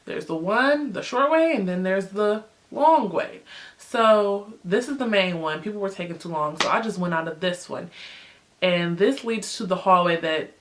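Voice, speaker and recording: A young woman vlogger telling a story in a casual, chatty way, with lots of fillers, jumping high in pitch when she acts out what people said. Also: moderate pace, a little hiss or hum. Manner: animated, acts out quotes with big pitch jumps.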